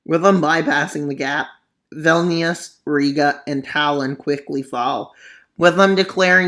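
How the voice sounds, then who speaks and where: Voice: mid-range voice, a little slow, pushed and bright. A mapping video narrator giving casual commentary on a war scenario, full of sarcastic, rambling asides.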